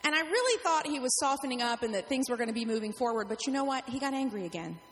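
Brief: middle-aged woman pastor, animated storytelling sermon, high voice, long hall reverb. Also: quick pace, a little hiss or hum.

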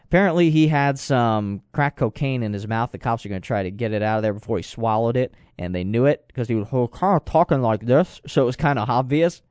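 A man's voice: mid-range voice, lively intonation, fast, few pauses, a little mellow, clean tone, no room sound, clean studio sound. A man giving rambling, digressive commentary with sarcastic asides. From United States. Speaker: political commentator. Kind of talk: casual talk commentary.

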